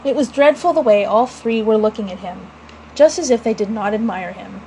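A woman's voice: medium pitch, moderate pace, dark tone, a little hiss or hum, poor audio. Woman reading a storybook aloud.

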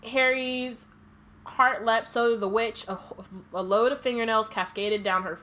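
A woman with a bright, clear voice co-hosts a casual book podcast. She reads passages aloud, peppering them with ums and quick asides, and laughs easily with her co-host. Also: on the high side, steady tone.

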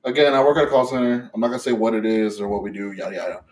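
A young man chats on his podcast in a loose, storytelling way. He rambles, swears freely, and gets animated at the strange parts, with plenty of fillers along the way. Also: fairly low pitch, very fast, a little hiss or hum. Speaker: podcast host. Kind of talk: casual storytelling chat.

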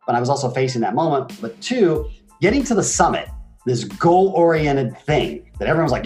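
Animated man in his forties. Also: a little high, brisk, soft background music. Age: 40s. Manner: animated, emphatic storytelling with swings in energy. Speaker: guest. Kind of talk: motivational interview talk.

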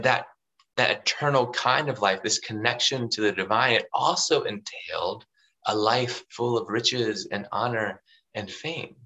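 Bright-toned, conversational male preacher. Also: fairly low pitch, poor audio. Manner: conversational, full of fillers like "you know" and "right". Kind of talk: sermon.

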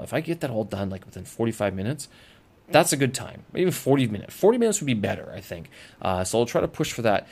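A man's voice: lowish voice, a little mellow. A man hosting a casual solo audio blog, talking off the cuff with lots of fillers and restarts. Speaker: podcast host. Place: lives abroad as an expat.

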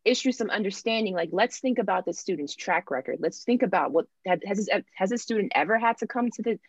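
A young woman with a lower voice talks through a personal story in an unhurried, candid way, slipping into the voices of the people she quotes. The sound is dull and lo-fi, with a dry, close feel and no room around it. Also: dry recording. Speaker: student sharing her experience. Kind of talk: casual podcast chat.

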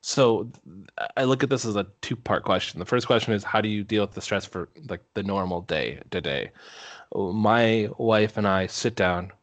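A man's voice: on the low side, moderate pace, dry recording. A man from Minnesota co-hosting a podcast, telling everyday stories in an easygoing, casual way. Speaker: podcast co-host. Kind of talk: casual chat.

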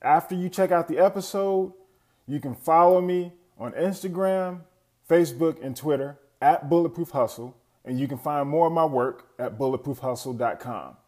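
A man's voice: a little high, moderate pace, dark tone. Upbeat man reading a podcast promo. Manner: upbeat, punchy slogans. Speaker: podcast host giving a promo. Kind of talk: recorded promo.

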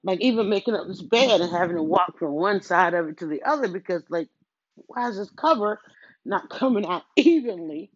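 With a lowish, husky voice, a middle-aged woman chats animatedly at a moderate pace while doing housework in different rooms. She rambles, breaks off mid-thought, and quotes her own inner voice. The headset recording is dry, with the highs cut off.

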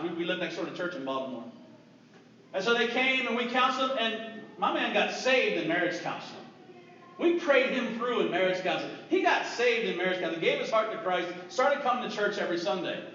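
A man preaching a sermon as a pastor, telling stories earnestly and dropping to a hush for grave moments. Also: high-pitched, slight background noise. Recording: distant, echoey, dull church recording.

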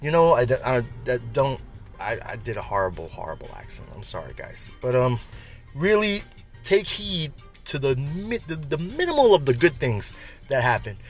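A man's voice: medium pitch, big pitch swings, normal speed, soft background music. Chatty man giving an uplifting talk. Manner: chatty, repeats words, laughs at own jokes. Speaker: podcast host. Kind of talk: casual uplifting monologue.

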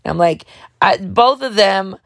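Woman host, gravelly, dry close sound, dramatic rambling comic monologue. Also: mid-range voice, expressive, no room sound. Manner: dramatic, over the top; talks fast, jumps between thoughts. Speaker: show host.

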